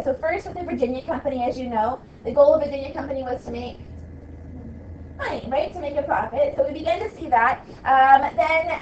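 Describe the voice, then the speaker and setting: A woman's voice: fairly high pitch, warm tone. A woman teaching a history class in a loose, conversational way, full of ums and likes. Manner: casual, many fillers like um and like. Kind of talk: recorded classroom lecture. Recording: distant, roomy, dull lo-fi with faint hiss.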